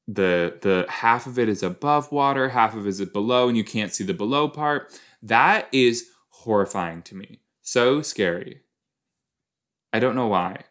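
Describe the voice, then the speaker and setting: This podcast host has a mid-range voice with a bit of brightness. He watches an episode and reacts offhandedly, rambling in a playful way and inventing goofy words as he goes.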